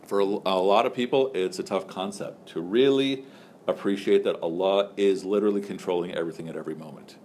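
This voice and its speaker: A lower-pitched man teaches a class in a relaxed, chatty way, full of "so" and "like" as he jokes with the room and puts questions to his students. A faint hiss sits under his voice. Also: brisk. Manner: joking, loose and conversational, many fillers like "so" and "like".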